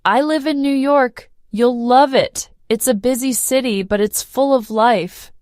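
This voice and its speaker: A woman reading the lines of a calm, friendly male airline passenger in a language-lesson story, with a gentle manner. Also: very high-pitched, measured pace, smooth, no room sound, studio quality, pitched above the performer's own voice. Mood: kind. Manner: gentle, easygoing.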